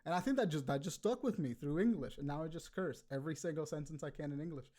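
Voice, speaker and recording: A man's voice: on the high side, quick pace, warm tone. A man co-hosting a podcast in loose casual chat, swearing freely and laughing often. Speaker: podcast co-host.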